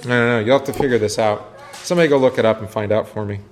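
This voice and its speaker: A man's voice: medium pitch, racing. A man, a pastor, teaching a Bible study class in a conversational way and asking the group questions. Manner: conversational, asks questions, many restarts.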